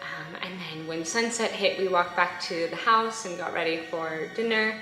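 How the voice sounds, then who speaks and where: A woman's voice: lowish voice, normal speed, pushed and bright, reverberant, soft background music, poor audio. A young woman telling a personal story to camera in a casual vlog, chatty and emotional, laughing often between thoughts. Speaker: vlogger.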